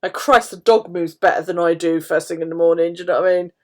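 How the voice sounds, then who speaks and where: A woman's voice: lowish voice, fast. Chatty, foul-mouthed woman. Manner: chatty, swears freely, storytelling. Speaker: live streamer. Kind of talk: casual chat while journaling.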